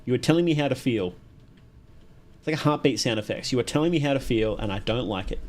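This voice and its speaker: A man's voice: mid-range voice, lively intonation, quick pace, a little mellow. An Australian man streaming a horror game live, chatty and reactive, asking questions aloud as he plays. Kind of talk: live gameplay commentary.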